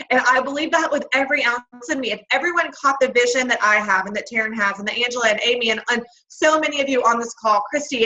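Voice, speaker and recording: A woman talks through a video call, her voice high and bright. She coaches her sales team with folksy, energetic encouragement and laughs often. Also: low-quality recording. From Texas. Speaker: network marketing leader. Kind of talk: motivational team training call.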